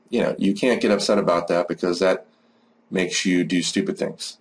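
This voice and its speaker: A man teaching a trading lesson over a screen recording, talking casually and practically with many fillers. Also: deep voice. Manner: casual, rambling, lots of "uh" and "you know". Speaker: forex trading educator.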